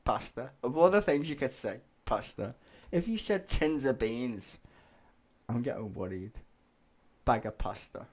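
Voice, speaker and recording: A man's voice: medium pitch, big pitch swings, measured pace, darkish tone. A man live-streaming, ranting sarcastically and swearing as he reacts to a clip.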